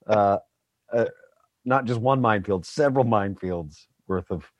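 Low-voiced man telling rambling anecdotes. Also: normal speed, no echo. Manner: self-deprecating, rambling anecdotes with laughs. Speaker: voice actor guest. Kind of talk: casual chat.

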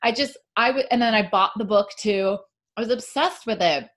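Speaking at a normal speed, a woman with a slightly high, fairly bright voice chats as a podcast guest about being an author. She rambles, leans on "like," and frequently restarts her sentences.

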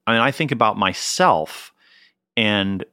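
A man, a winemaker telling personal anecdotes in an interview, earnest and animated, often restarting his sentences. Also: lowish voice, a little slow, smooth, no room sound, clean studio sound. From United States. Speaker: winemaker guest. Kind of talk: conversational storytelling.

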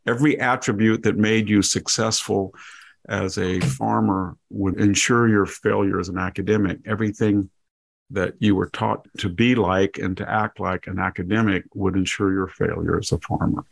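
Gravelly low-voiced older man. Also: fairly even intonation, normal speed, dry recording. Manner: earnest, emphatic, wry. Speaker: podcast host. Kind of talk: casual storytelling chat.

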